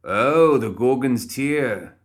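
A man's voice: low voice, moderate pace, fairly bright tone. A man voicing a boastful, condescending undead man who is only a severed head, in a storybook reading. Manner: smug and boastful.

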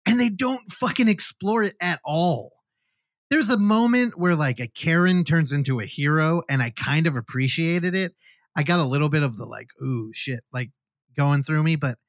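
Animated man chatting about horror films. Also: a little high, no echo, studio quality. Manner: animated, laughing, swearing freely. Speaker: podcast co-host.

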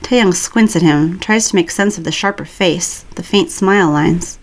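A woman reading a piece of fan fiction aloud in a calm, even storytelling voice. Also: fairly low pitch, normal speed. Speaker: reader.

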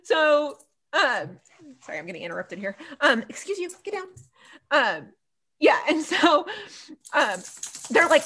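This is a woman with a somewhat high-pitched voice co-hosting a casual podcast. She recaps TV episodes in an animated, laughing way, full of fillers like "like.". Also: a little slow, long pauses. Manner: animated, laughing, lots of "like" and "so funny". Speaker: podcast co-host.

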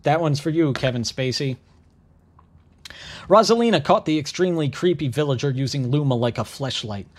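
A man in his thirties telling a crude comedic story in a deadpan voice, tossing in sarcastic asides. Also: mid-range voice. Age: 30s. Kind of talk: comedic narrated monologue.

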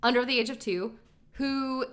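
Bubbly woman podcaster, bright voice, giggly and gushing. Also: sits high, normal speed. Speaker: podcast co-host. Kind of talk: casual chat.

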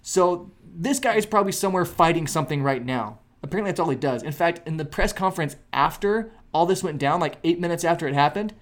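A man co-hosting a podcast, chatting casually and telling stories in a jokey, animated way. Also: fairly high pitch, fast, few pauses. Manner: animated, jokey storytelling with acted quotes. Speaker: podcast co-host. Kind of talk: casual chat.

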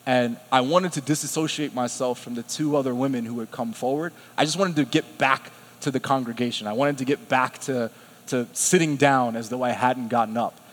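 A man preaching a sermon, telling a personal story with lively self-quotes and frequent laughs. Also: mid-range voice, a little fast. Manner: animated, laughs often, quotes himself. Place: church sanctuary. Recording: long hall reverb.

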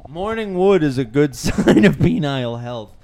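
Male podcast co-host, animated delivery, reads trivia facts between laughs. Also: fairly high pitch, moderate pace. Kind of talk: casual chat.

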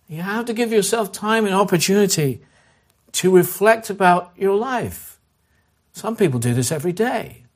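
A man preaching, his voice a little high and husky. He presses his listeners with earnest, repeated phrases and short commands, then turns quiet and slow as he leads into prayer. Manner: drops to a soft, slow voice to lead prayer. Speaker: pastor. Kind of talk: sermon.

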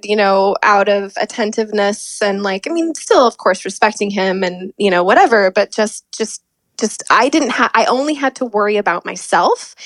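A woman guest telling a personal story in an interview, animated and often laughing as she talks. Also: mid-range voice, no room sound.

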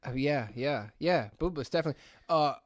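A man's voice: on the high side, brisk, no room sound, studio quality. A man co-hosting a podcast, chatting in an easygoing, reflective way and laughing now and then. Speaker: podcast co-host. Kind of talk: casual chat.

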